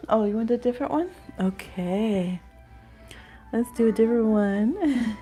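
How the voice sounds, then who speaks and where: A woman's voice: medium pitch, unhurried, mellow, soft background music. A woman hosting a live astrology reading stream, chatting casually and rambling with frequent laughter.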